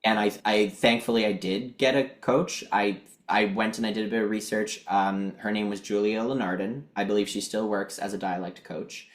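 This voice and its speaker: A Canadian man in his thirties, guesting on a podcast, talking in an animated way and laughing often. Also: on the low side, normal speed, hardly any pauses, echoey room. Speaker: guest actor. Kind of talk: casual interview chat.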